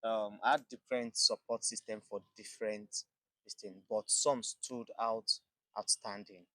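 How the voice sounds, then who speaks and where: A man in a casual group chat, relaxed and brief, sharing his teaching experience. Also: lowish voice, a little slow, no echo, clean studio sound. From Nigeria.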